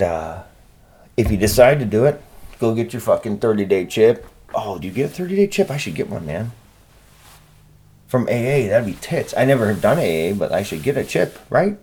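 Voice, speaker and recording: Man, husky voice, low pitch, profane rambling podcast host. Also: darkish tone. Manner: profane, rambling, self-deprecating. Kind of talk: casual solo podcast rant.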